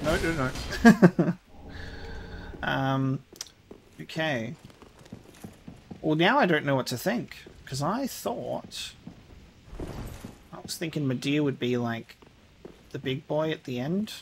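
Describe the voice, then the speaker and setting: A man commentating his own video game playthrough, excitable and panicky, swearing, yelping and laughing through a boss fight. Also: mid-range voice, slight background noise. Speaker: gaming streamer. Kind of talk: live let's play commentary.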